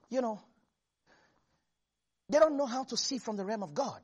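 A preacher giving an animated sermon, repeating lines for emphasis and laughing often. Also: medium pitch, moderate pace, pauses often, slightly rough. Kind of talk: lively sermon.

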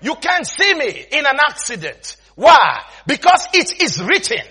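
A man preaching a sermon, telling a story with frequent laughter and emphatic shouts, repeating phrases for emphasis. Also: very high-pitched, huge pitch swings, unhurried. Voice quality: laughs often while preaching, breaks into shouts.

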